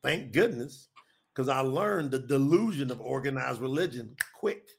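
Animated preacher man. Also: medium pitch, moderate pace, vocal fry, slight background noise. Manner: animated, folksy, repetitive. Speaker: preacher and co-host. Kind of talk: preaching talk to an audience.

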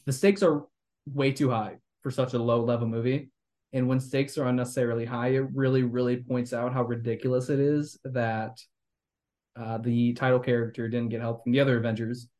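A man's voice: mid-range voice, level tone, a little fast, a little mellow. A young man hosting a podcast, rambling critically about a movie with lots of fillers and restarts. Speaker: podcast host. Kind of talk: casual movie review chat.

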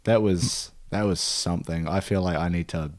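A man's voice: sits low, fairly even intonation, moderate pace, a little mellow. A man co-hosting a casual podcast chat, tossing in dry, wry asides. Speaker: podcast co-host.

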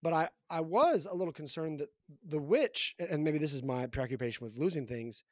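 A man co-hosting a podcast, rambling and halting through his thoughts about a picture book with lots of restarts. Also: on the high side, expressive, dry recording, clean studio sound. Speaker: podcast co-host.

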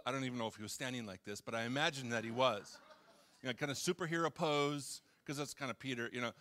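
In a church hall, a pastor with an expressive, mid-range voice speaks fast, bright, and forceful. His sermon is casual and conversational: he talks with the audience, tells jokes, and acts out quotes.

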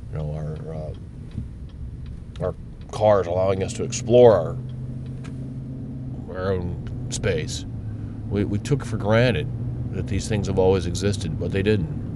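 Low-voiced man ranting profanely while driving. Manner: profane, blunt, rambling. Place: in a car. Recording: car road noise behind. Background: road rumble.

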